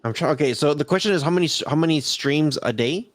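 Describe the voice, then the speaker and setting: Man, Southern Californian accent, slightly high voice, rambling casual podcast chat, dry close sound. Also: fast, dry recording. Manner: rambling, laughs often, reads out chat messages. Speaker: podcast co-host. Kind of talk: casual live-stream chat.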